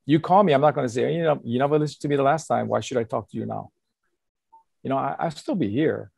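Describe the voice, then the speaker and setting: A man's voice: medium pitch, quick pace, gravelly, slightly rough, no echo, clean studio sound. An older man, a pastor giving earnest counsel in casual conversation and acting out quotes as he tells stories. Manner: earnest, animated storytelling with acted quotes and chuckles.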